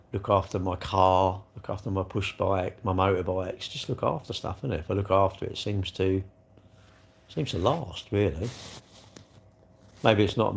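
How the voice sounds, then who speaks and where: A man's voice: low voice, creaky. Cheeky man chatting on a sofa. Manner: cheeky, jokey, rambling. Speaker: livestreamer reading chat. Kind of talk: casual chat. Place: home, on a sofa.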